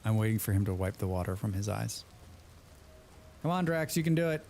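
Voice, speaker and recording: A man's voice: on the low side, lively intonation, brisk, darkish tone, slight background noise. A man hosting a casual let's play, chatting with friends in a rambling, playful way and often repeating his words. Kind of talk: casual gameplay commentary with friends.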